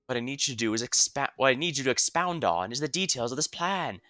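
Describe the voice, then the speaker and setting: A man's voice: medium pitch, expressive, fast talker, pushed and bright, dry recording. A man reading as a bitter, weary young musician. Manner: dry, cutting, sardonic replies.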